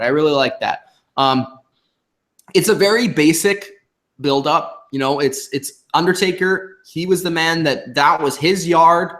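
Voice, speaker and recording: A young man casually recapping a wrestling show, slowing down to quote the promos he retells. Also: a little high, a bit bright.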